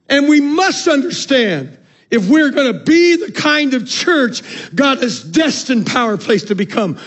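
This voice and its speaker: High-voiced shouting pastor. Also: male voice. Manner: preaching with shouted peaks and sudden soft drops; calls out to the congregation. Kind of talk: sermon.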